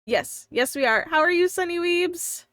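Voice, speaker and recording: A woman's voice: very high-pitched, animated, moderate pace, a bit bright, no room sound, studio quality. A young woman with a slight lisp, chatting casually on a live stream, thinking aloud and talking to her viewers. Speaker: live streamer and tabletop player.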